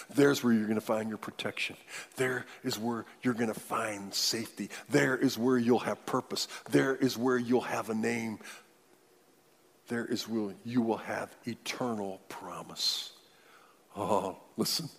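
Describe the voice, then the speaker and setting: A man preaching a sermon, moving between loud declarations and hushed near-whispers. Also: lowish voice, creaky, slightly rough, big-room sound. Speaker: pastor.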